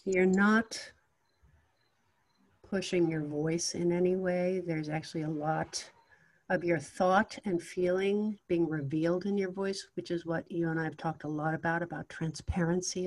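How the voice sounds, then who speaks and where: A woman coaches a speaker in diction, her voice sitting somewhat low for a woman. She talks in an encouraging, attentive way, focused on consonants and clarity. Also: a little mellow. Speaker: voice and acting coach. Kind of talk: coaching conversation.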